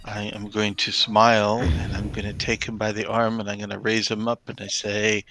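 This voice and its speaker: Gravelly man stating his move in a game. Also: lowish voice, flat delivery, moderate pace, hardly any pauses, fairly bright tone. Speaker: player. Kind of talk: tabletop game play.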